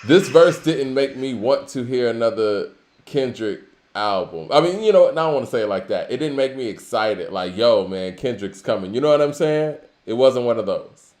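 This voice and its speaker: A man's voice: mid-range voice, expressive, moderate pace, a little mellow, roomy sound. A man co-hosting a casual talk show, musing conversationally with lots of filler phrases. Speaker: podcast co-host. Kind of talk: casual hip-hop discussion.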